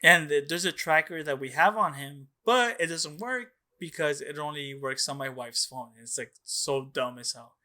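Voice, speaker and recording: A man's voice: on the high side, moderate pace, hardly any pauses, pushed and bright. A young man co-hosting a podcast, telling a long story in casual, rambling chat, swearing often and filling his talk with "like" and "dude". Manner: rambling, profane, many "like"s and "dude"s. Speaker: podcast co-host.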